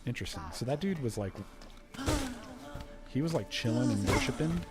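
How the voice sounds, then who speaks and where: A man in his forties, chatting casually and excitably while streaming a game. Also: mid-range voice, moderate pace, loud music behind the voice. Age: 40s. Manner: chatty, excitable, says dude a lot. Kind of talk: casual gameplay stream chat.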